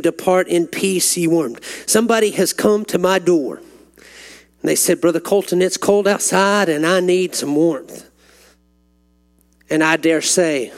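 A man preaching a sermon, telling stories and building to fervent, climbing peaks. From Texas. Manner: rising to fervent, climbing pitch when stirred.

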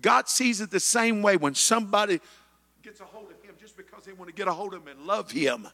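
High gravelly preacher in his fifties. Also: expressive, fairly quick, long reverb tail. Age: 50s. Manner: builds to shouted climaxes, chanting amen. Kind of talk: sermon.

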